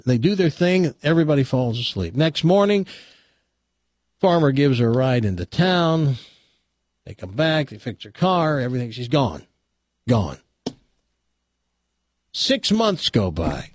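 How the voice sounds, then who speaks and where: A man's voice: medium pitch, big pitch swings, unhurried, long pauses, no room sound, clean studio sound. A man on talk radio telling a long joke in a folksy, drawling storytelling manner.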